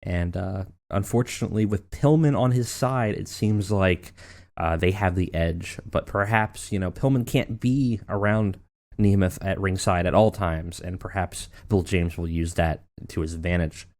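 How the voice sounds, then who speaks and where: Man, lowish voice, casual rambling let's play commentary. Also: moderate pace, darkish tone. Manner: rambling, with many fillers and self-corrections.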